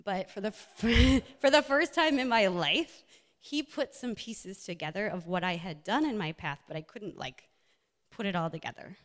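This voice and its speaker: With an animated, medium-pitched voice at a moderate pace, a nurse and health and wellness coach delivers a personal motivational talk alongside slides. She's earnest and leans heavily on fillers, and the hall echoes.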